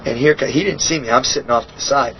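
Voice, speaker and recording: A middle-aged man in a shoot interview, telling a story bluntly and profanely, acting out other people's lines in a higher voice. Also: fast. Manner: animated storytelling, acts out quotes with raised pitch. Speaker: interview guest. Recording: dull lo-fi sound, faint hiss.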